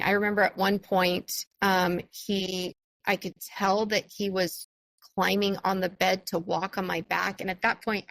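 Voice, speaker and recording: A woman's voice: mid-range voice, gravelly, a bit bright, no room sound, rough recording. A woman hosting a solo podcast, telling a personal story in a chatty, enthusiastic way with frequent fillers. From California. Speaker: podcast host.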